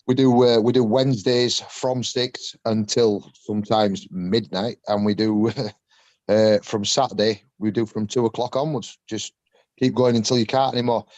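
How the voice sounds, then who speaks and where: A man who coaches an arm wrestling club, chatting in a relaxed, friendly way. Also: on the low side, moderate pace, dry recording, lo-fi sound. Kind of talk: casual chat.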